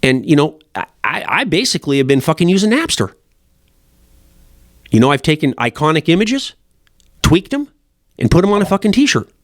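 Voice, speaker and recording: A man's voice: a little high, very animated, normal speed, long pauses, no echo, studio quality. A middle-aged man who runs a fly shop, talking in a blunt, profane, rambling way. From Montana, USA. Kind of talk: casual rambling monologue.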